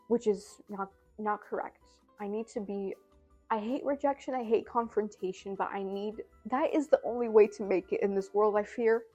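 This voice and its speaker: A woman's voice: mid-range voice, a little fast, warm tone, lo-fi sound, soft background music. A young adult woman vlogging from home in a casual, rambling, self-deprecating way, with lots of fillers. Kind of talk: casual chat to camera.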